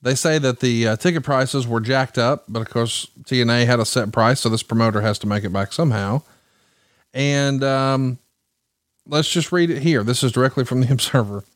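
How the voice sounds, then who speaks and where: A man's voice: medium pitch, moderate pace, no echo, clean studio sound. A man hosting a podcast, reading excerpts aloud and bantering with his guest. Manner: reads excerpts aloud, then banters and laughs. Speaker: podcast host. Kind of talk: casual interview chat.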